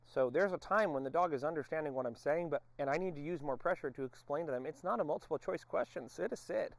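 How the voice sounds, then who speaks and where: A man's voice: on the high side, fast, vocal fry, no echo. A man working as a dog trainer, explaining his methods to viewers while giving a dog short, firm commands during a training session outdoors. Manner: addresses viewers directly as folks.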